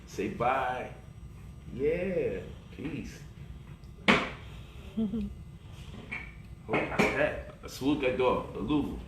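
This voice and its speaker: A man's voice: mid-range voice, lively intonation, drawn-out words, pauses often, very noisy. A man hosting a casual home cooking vlog in his kitchen, playful and teasing as he coos at his baby daughter. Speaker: cooking show host.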